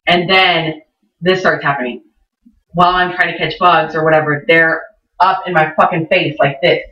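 A woman's voice: low voice, steady tone, moderate pace, pushed and bright. A woman co-hosting a podcast, telling a long, profane, rambling story in casual chat. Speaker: podcast co-host. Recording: roomy, distant, dull lo-fi sound.

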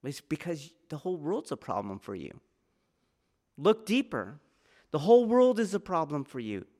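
A man's voice: a little high, huge pitch swings, normal speed, darkish tone. Earnest man giving a spoken lesson. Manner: earnest, repeats key phrases for emphasis; asks the listener rhetorical questions. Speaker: martial arts teacher. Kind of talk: spoken teaching talk.

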